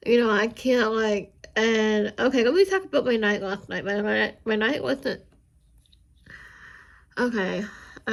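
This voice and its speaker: A woman chatting casually with viewers while she inks a drawing, rambling and chatty, with a high squeaky voice. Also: creaky. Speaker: art channel host.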